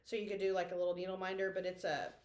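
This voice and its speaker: A woman's voice: lowish voice, flat delivery, rapid-fire. Chatty woman in an echoey room. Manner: chatty, rambling, apologetic. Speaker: flosstube host. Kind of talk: casual chat showing a haul. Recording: echoey room with faint noise.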